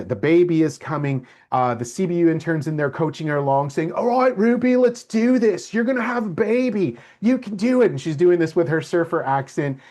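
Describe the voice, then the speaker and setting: This middle-aged lecturer, whose voice runs on the high side, brings a personal anecdote to life for his students by acting out the voices of those in it.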